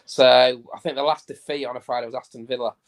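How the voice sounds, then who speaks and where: A man guesting on a football fan podcast, reeling off figures and dates. He keeps it conversational and unhurried, in an ordinary middle register. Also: mid-range voice, fairly even intonation, vocal fry. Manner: reels off statistics in a chatty, easygoing way. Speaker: stats guest. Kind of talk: casual podcast chat.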